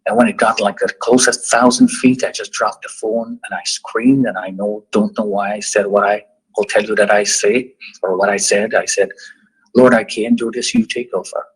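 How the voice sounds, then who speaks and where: A middle-aged man recounting a personal survival story in slow, halting sentences with long pauses. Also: on the low side, flat delivery, breathy edge, low-quality recording. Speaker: survivor giving a testimony. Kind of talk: personal story told to students.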